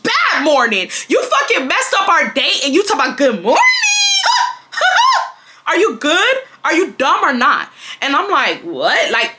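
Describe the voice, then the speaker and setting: A young woman in her twenties from Houston tells a dating storytime straight to her viewers. She is dramatic and animated, swears freely, and keeps calling them y'all. Her voice is bright and clear. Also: on the high side. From Houston, Texas. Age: 20s. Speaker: storytime vlogger. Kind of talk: casual storytelling to camera.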